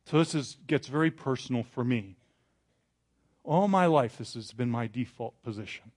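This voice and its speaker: A man preaching a sermon, telling the story with dramatic rises, then turning quiet and confessional. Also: medium pitch, expressive, moderate pace. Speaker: pastor.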